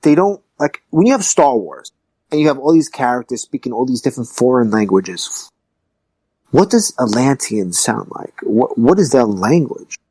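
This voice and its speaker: A man's voice: mid-range voice, sing-song, normal speed, dark tone, slightly rough, dry recording. A man hosting a podcast in casual chat, joking and swearing freely. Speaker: podcast host.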